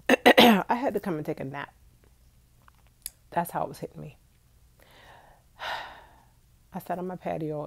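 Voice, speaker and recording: A woman's voice: fairly low pitch, animated, slow, vocal fry, pauses often, breathy edge. A young woman congested with allergies, chatting casually and directly to her viewers on a live stream from home. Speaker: vlogger. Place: indoors at home.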